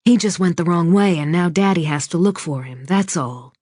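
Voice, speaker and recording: A woman reading an audiobook, voicing a worried mother who speaks softly and gently to her child. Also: on the low side, brisk, no room sound, studio quality, close to an everyday voice. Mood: tender. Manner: soft, hushed and gentle. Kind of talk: audiobook character voice.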